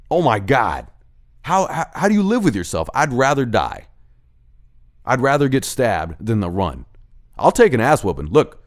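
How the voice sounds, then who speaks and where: A man hosting a ranting monologue, profane and heated, acting out bits of dialogue as he goes. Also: mid-range voice. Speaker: host of a rant show.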